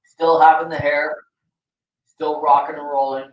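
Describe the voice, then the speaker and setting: A man's voice: fairly high pitch, flat delivery, measured pace. A man co-hosting a casual chat show, rambling with lots of fillers and easy swearing. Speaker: show co-host. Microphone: video call. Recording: roomy, distant from the mic.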